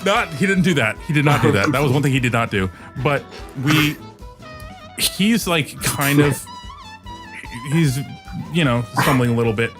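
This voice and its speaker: A man's voice: mid-range voice, animated, moderate pace, fairly bright tone, faint music behind. Rambling male podcast host telling a story. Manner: rambling, restarts often, laughs mid-story. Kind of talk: casual storytelling.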